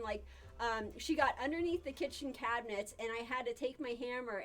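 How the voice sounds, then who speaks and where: A woman hosting a casual live stream, chatting with viewers, reading their comments aloud and answering them, and laughing often as she tells stories. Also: a little high. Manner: laughs often, lively when telling stories. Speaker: live-stream host teaching casino games.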